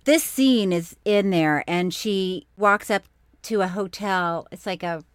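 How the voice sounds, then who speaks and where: A woman's voice: mid-range voice, slow, clean tone, no room sound, studio quality. A woman co-hosting a casual chat, telling stories with big bursts of laughter. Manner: animated storyteller, loud laughs. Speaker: podcast co-host.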